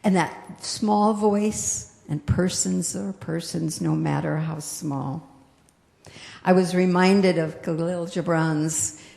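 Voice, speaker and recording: A woman minister giving a gentle, reflective sermon that slows down on its key phrases. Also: fairly low pitch, vocal fry. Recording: echoey hall with long reverb.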